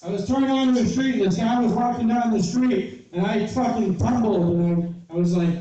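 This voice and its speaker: A man's voice: high-pitched, moderate pace, hardly any pauses, warm tone, lo-fi sound. A man casually telling a story, profane and exasperated, acting out the people he quotes. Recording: roomy echo from far off with faint noise.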